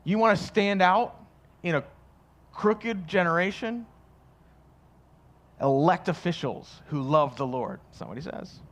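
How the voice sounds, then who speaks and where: A man's voice: sits high, animated, measured pace, long pauses, a bit bright. A man preaching a sermon as pastor, conversational and joking, acting out quoted voices. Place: church.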